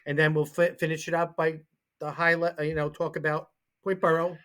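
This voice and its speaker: A man's voice: on the high side, brisk, clean tone. A man co-hosting a casual sports talk show, telling stories animatedly and acting out the people he quotes. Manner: animated storyteller who acts out the people he quotes.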